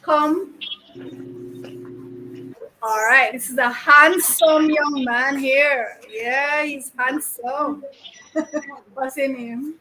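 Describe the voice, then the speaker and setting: A woman's voice: sits high, steady tone, extremely slow, long pauses, pushed and bright, slight background noise, rough recording. A woman teacher, chatting playfully with her pupils in a classroom and teasing them with questions. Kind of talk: casual chat with pupils.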